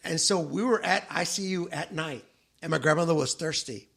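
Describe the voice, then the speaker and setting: A man's voice: fairly high pitch, normal speed, vocal fry, a bit bright. A middle-aged man in casual podcast chat, telling a personal story and voicing the people in it. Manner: storytelling, acts out quoted relatives. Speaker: podcast co-host.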